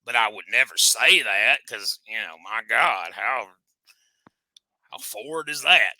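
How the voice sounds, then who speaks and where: A man's voice: on the low side, expressive, unhurried, pushed and bright, dry recording. A man hosting a comic show, needling his guest in boastful country banter. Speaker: host.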